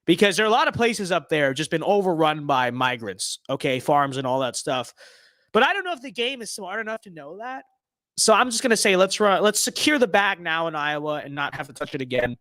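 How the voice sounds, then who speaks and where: A young man talks through a game he is playing in a loose, rambling way, tossing in tongue-in-cheek boasts as he goes. His voice sits fairly high and the sound is dry and close. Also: very animated, a little fast, pushed and bright, no room sound. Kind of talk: casual gameplay commentary.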